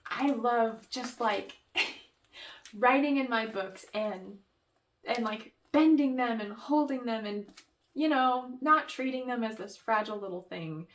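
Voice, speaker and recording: A woman's voice: on the high side, slow. A young woman chatting about her favorite books in a casual vlog, gushing and peppering her talk with "like" and "um". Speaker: book vlogger. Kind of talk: casual book review chat.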